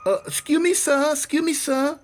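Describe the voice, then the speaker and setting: A man's voice: very high-pitched, normal speed, noisy background, pitched above the performer's own voice. A man voicing an older woman shopkeeper who keeps politely and fussily asking if he wants help.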